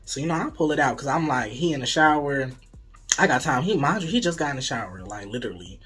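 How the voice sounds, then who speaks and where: A young adult vlogger telling a story to viewers in a casual, animated way, swearing freely and dropping into dramatic whispers. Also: mid-range voice, fast talker, breathy edge, faint music behind.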